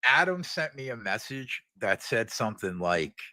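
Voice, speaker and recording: A man's voice: medium pitch, sing-song, normal speed, sharp tone, no room sound. A man in casual betting-show banter, laid-back and self-deprecating. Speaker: sports betting analyst.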